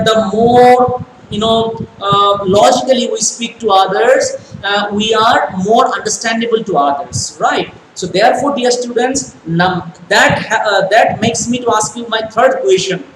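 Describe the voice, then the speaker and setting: A man teaching a live online class, talking haltingly with many fillers and repeated phrases as he addresses his students. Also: high-pitched. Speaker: English teacher. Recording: echoey room with clear background noise.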